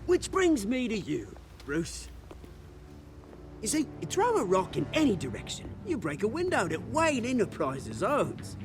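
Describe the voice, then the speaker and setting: A scheming British gang leader. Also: male voice, high voice, wildly swooping pitch, a little slow, full character voice. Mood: bitter. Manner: theatrical, menacing, swings from shouting to hushed. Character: bitter scheming young male gang leader. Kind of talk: video game cutscene acting. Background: game music.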